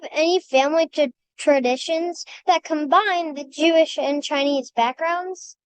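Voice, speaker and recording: A young interviewer asking an author questions with some hesitation. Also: female voice, high voice, measured pace, low-quality recording.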